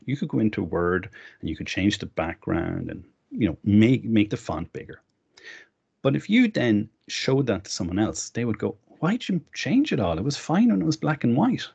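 Presenter, middle-aged man, deep voice with gravelly fry, casual demo talk, dull lo-fi stream audio. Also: a little mellow. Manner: conversational, explains while clicking through. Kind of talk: live online tech demo.

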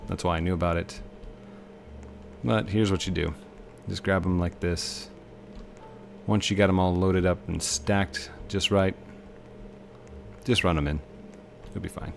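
A man's voice: low voice, fairly even intonation, a little slow, gravelly, pauses often, slight background noise. A man giving casual, rambling commentary while playing a video game, talking to himself and the game. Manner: chatty, talks to himself and the game.

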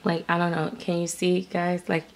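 Lady vlogging at home, gravelly low-ish voice, rambles a lot with tons of like and um. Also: monotone, moderate pace, slight background noise. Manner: rambling, many fillers and restarts. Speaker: reborn doll artist and vlogger. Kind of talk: casual chat to viewers.

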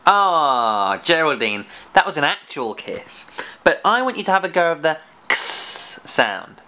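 Male kids' phonics host, animated and sing-song, slow and encouraging, playful scolding. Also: fairly high pitch. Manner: slow and exaggerated, sounding out letters. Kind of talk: children's phonics lesson with a puppet.

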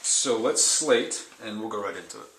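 Man, casting director, polite and businesslike, bright voice, faint noise. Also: lowish voice, expressive, moderate pace, distant mic. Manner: polite and businesslike, awkwardly patient. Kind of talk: comedy sketch acting. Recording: echoey room, faint noise.

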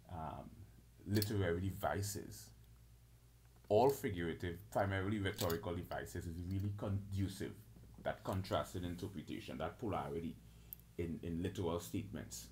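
A man's voice: low-pitched, a little mellow, slight background noise. A man giving a rambling solo lecture on his own channel, listing terms and restarting his sentences often. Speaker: channel host.

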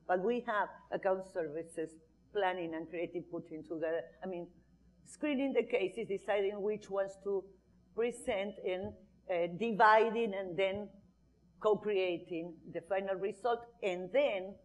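A woman judge talks earnestly on a marketing panel at a middle pitch. She leans on key words and restarts her sentences often as she builds her point. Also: a little slow, poor audio. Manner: earnest, emphatic, many restarts. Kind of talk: panel discussion.

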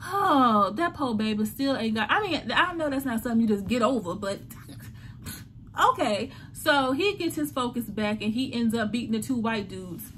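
A woman's voice: on the high side, lively intonation, normal speed, slight background noise. A woman hosting a casual TV recap, talking animatedly and acting out the characters' lines. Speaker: TV recap host.

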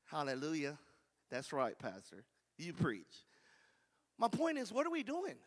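A man's voice: on the high side, wildly swooping pitch, measured pace, long reverb tail. A man preaching a fervent sermon as pastor, drawing call-and-response amens from the congregation.

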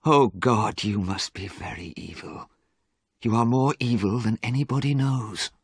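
A man's voice: fairly low pitch, measured pace, husky, no echo, studio quality, voice pushed up. A man reading a storybook, voicing a shocked, frightened painter who pleads in horror. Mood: horrified. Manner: horrified, pleading. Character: shocked, frightened middle-aged male painter.

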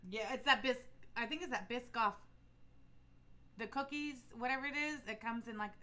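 A woman's voice: on the high side, moderate pace, sharp tone. A woman co-hosting a reaction show, giggling and relaying viewer comments. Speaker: co-host of a reaction channel.

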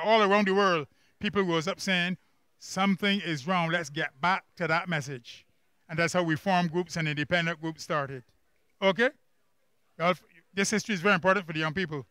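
A man with a Barbadian accent leading a church camp Bible workbook lesson, quizzing the class with quick questions and emphatic repeats. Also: high voice, steady tone, pushed and bright, clean tone, no room sound. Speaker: Bible study teacher.

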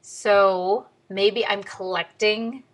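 A young adult woman talking straight to the camera in a casual video diary, blunt and animated, jumping her pitch up high when she quotes people. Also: drawn-out words. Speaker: vlogger.

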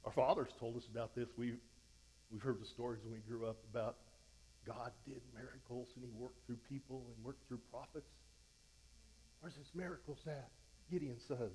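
On a rough recording with slight background noise, a man with a warm, mid-range voice preaches a verse-by-verse sermon as a pastor. His fervent, exhorting delivery stays conversational with frequent restarts, climbing in pitch as he gets fired up.

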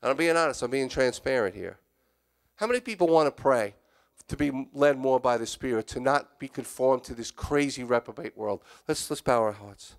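A man's voice: medium pitch, lively intonation, moderate pace, creaky. A man, a church elder, preaching a candid, confessional sermon that moves between spoken prayer and emphatic exhortation. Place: church sanctuary.

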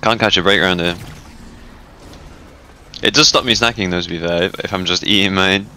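A man's voice: low voice, steady tone, a little fast, sharp tone, slight background noise. A man, chatting casually and joking with heavy swearing while playing a raid with friends. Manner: profane, joking banter with frequent laughs. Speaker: gamer in a raid. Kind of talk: casual voice chat while gaming.

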